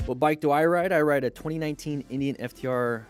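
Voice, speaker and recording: Against soft background music, a man with a fairly high voice talks fast as he hosts a casual livestream as a riding instructor. Upbeat and chatty, he greets viewers by name and reads their comments aloud.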